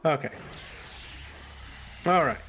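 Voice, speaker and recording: A man livestreaming an online game, chatting casually with a friend, relaxed and chuckling as he muses over how words are pronounced. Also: takes it slowly, a little hiss or hum. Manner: laid-back, chuckling, muses on word pronunciation. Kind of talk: casual chat while gaming.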